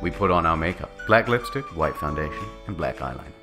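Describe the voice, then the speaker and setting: A man's voice: deep voice, animated, fairly quick, over music. A man narrating a comedic dramatic reading, mock-dramatic with sardonic asides.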